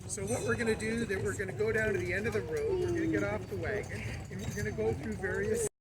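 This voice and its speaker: A man's voice: high voice, lively intonation, quick pace. A man with a Canadian accent leading a tour group outdoors, explaining and asking them questions. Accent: Canadian English. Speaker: tour guide. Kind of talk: outdoor group demonstration talk. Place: outdoors at a sugar bush. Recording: loud background noise, distant.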